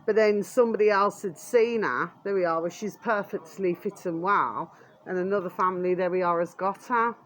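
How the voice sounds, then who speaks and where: A woman's voice: medium pitch, steady tone, normal speed, slight background noise. A British woman vlogger ranting angrily to her channel, swearing constantly and falling back on the same filler again and again. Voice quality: swears constantly, repeats "there we are" as a filler; coarse and blunt. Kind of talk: angry ranting vlog.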